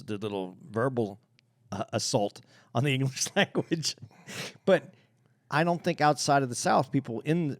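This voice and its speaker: A man co-hosting a comedy podcast, chatting in a relaxed way and laughing as he talks. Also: medium pitch, no echo, studio quality. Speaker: podcast co-host. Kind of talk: casual comedy podcast banter.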